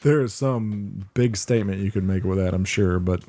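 A man's voice: sits low, normal speed, warm tone. A man co-hosting a casual chat, crude and joking, often trailing off mid-sentence. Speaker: podcast co-host.

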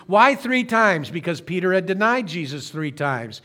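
Male pastor with a higher-pitched voice, earnest and slow-phrased sermon delivery, occasional self-corrections. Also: animated, sharp tone. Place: church streaming service.

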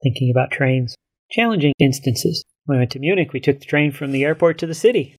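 A male college instructor calmly explaining the course he co-teaches, in a measured conversational way. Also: mid-range voice, husky. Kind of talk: casual conversation.

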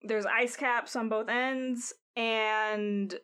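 A woman's voice: a little high, fairly even intonation, extremely slow, fairly bright tone, smooth. A woman narrating a tabletop game as game master, rambling with many fillers.

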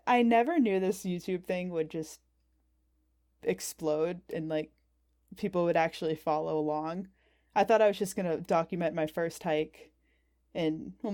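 A woman from New Hampshire with a lowish voice tells stories as a podcast guest. She is chatty and casual and keeps filling her sentences with "like" and "um.". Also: a little mellow, no room sound, studio quality. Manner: chatty, leans on fillers like "like" and "um". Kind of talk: casual storytelling.

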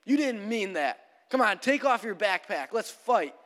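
A man putting on an angry shouting hiker. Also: high voice, animated, unhurried, in a large hall, pitched above the performer's own voice. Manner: shouting, aggressive, taunting. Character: belligerent scrawny male hiker picking a fight.

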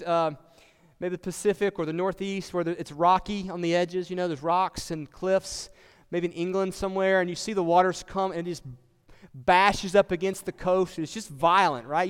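Male pastor, high and smooth, conversational sermon with questions to the room, church hall reverb. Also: steady tone, normal speed. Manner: conversational, asks the congregation questions.

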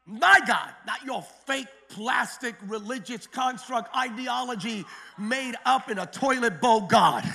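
Guy preaching a sermon, super high voice, gravelly edge, gets loud and fired up. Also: big pitch swings, measured pace. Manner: preaching with sudden shouted climaxes and acted-out quotes. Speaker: pastor.

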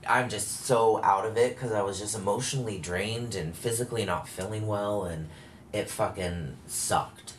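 A man with a very deep, low voice talks through a personal story in loose, candid conversation, circling back and correcting himself as he goes. A faint hiss sits under the recording. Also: moderate pace. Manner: rambling, self-correcting storytelling with frequent fillers. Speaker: guest telling his story.

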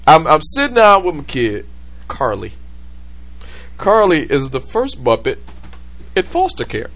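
Animated joking man on a podcast. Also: on the high side, a little slow. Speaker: podcast host. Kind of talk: casual banter.

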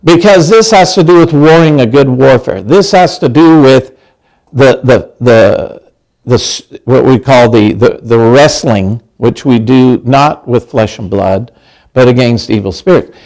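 A man's voice: medium pitch, measured pace, darkish tone, rough recording. A middle-aged male pastor preaching a conversational sermon, chatty, with many restarts and questions to the congregation.

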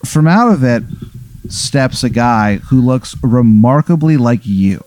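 A man improvising a comic story in a loose, rambling, profane way. His voice is mellow and dark. The recording is dry and close. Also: medium pitch, lively intonation, takes it slowly, no echo.

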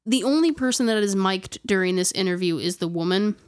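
A woman's voice: medium pitch, animated, brisk, smooth. Rambling woman telling a spooky story. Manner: rambling, many "like" fillers and restarts. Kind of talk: casual storytelling chat.

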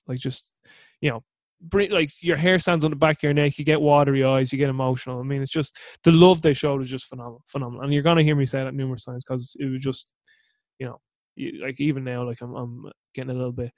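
A man's voice: mid-range voice, a little mellow, no echo. Rambling Irish man, dry close sound. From Ireland. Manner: rambling, chatty, many fillers and restarts. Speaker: podcast host. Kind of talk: casual storytelling monologue.

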